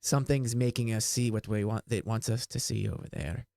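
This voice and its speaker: Gm doing a gruff wood elf guy, deep and slow, kinda halting and musing, very dry sound. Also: fairly even intonation, dark tone, no room sound, lightly acted.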